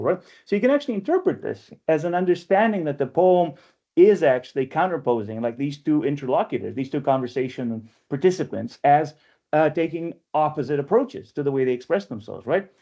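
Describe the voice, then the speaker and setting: A man's voice: a little high, vocal fry, warm tone. Chatty man teaching poetry over a dull video call. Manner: chatty, ends phrases with frequent "right?" tag questions; playful and self-mocking. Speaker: workshop leader and poetry editor. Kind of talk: online poetry workshop lecture. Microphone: video call microphone.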